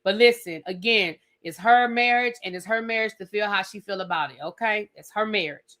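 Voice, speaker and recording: A woman's voice: medium pitch, a little fast, a bit bright. A woman hosting a live reality TV review stream, chatty and sassy, talking straight to her viewers. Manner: chatty, sassy, addresses viewers as girl and y'all.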